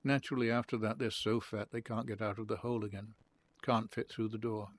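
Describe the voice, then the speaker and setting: A man reading aloud who plays an earnest, odd young man. The young man teases gently, then turns curt and touchy. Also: lowish voice, level tone, fairly quick, natural voice. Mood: teasing.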